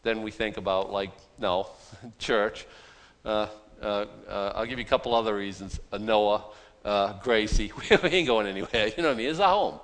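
A Boston-accented pastor with a lowish, fairly bright voice at normal speed preaches an informal, chatty sermon with self-deprecating asides. Long hall reverb surrounds the recording.

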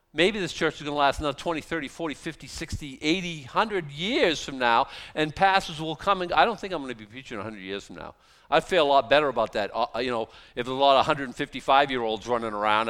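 A middle-aged pastor with a drawl preaches in a loose, conversational way, throwing out rhetorical questions and voicing imagined speakers. His voice sits a little high for a man and comes across smooth and resonant. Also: a bit bright. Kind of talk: sermon.

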